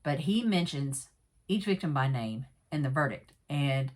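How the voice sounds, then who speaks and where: A woman with a low voice talks her viewers through a true crime episode in an easygoing way. She wanders off on asides and fillers and adds frank opinions as she goes. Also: expressive, unhurried. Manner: rambling, many fillers and asides; candid, personal commentary. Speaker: true crime recap vlogger. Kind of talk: casual episode recap.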